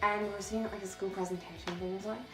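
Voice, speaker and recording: A woman's voice: mid-range voice, fairly even intonation, rapid-fire, music in the background. A teenage girl vlogging to camera in a casual, chatty way, slightly out of breath, swearing freely and laughing often. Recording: echoey room.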